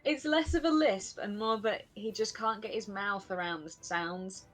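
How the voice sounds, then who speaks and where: A woman's voice: mid-range voice, moderate pace, faint music behind. A woman chatting casually as a guest in an online lesson. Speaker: student guest. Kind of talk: casual chat. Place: online voice call on a livestream.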